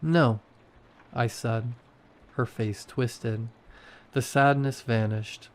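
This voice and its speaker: A man reading a horror story aloud in a slow, measured way. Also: medium pitch, fairly even intonation. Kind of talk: scripted horror narration.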